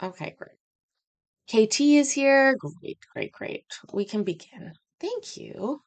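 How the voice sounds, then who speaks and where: A woman's voice: high-pitched, big pitch swings, slow. A woman hosting a casual livestream from home, chatty and rambling, with self-deprecating asides. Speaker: host.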